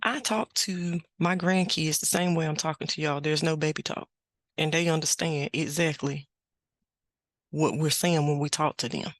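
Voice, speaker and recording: A middle-aged woman hosting a podcast, telling a family story in an unhurried, plain-spoken way. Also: low-pitched, fairly even intonation, no room sound. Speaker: podcast host. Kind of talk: casual spoken reflection.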